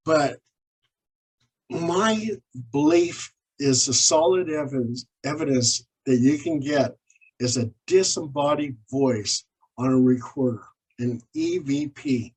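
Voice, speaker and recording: This husky, mid-range male voice takes its time, heard on a rough recording. He's a paranormal investigator and author guesting in an interview, recounting his cases in animated anecdotes with the dialogue acted out.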